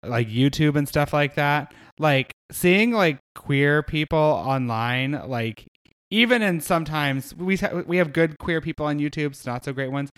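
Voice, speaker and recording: Man rambling in quick asides. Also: on the high side, expressive, fairly bright tone, clear, resonant tone. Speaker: podcast co-host. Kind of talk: casual chat.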